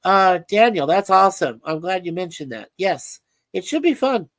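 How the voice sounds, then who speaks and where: A woman with a slightly low voice co-hosts a livestream in a relaxed, chatty way. She reads out viewer comments, trails into frequent filler words, and sounds close and dry. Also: moderate pace, no echo. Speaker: livestream co-host. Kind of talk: casual chat reading viewer comments aloud.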